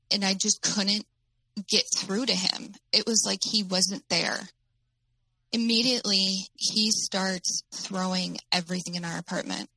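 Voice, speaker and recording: A woman telling her own story as an interview guest, in a halting way with many fillers. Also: medium pitch, pushed and bright, no echo, poor audio.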